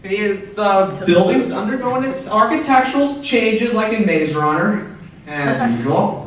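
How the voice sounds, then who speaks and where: A young man doing a stand-up set in a comedy club, telling stories in a deadpan way and jumping high for quoted outbursts. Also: measured pace, a little hiss or hum. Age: young adult. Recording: echoey club from far off.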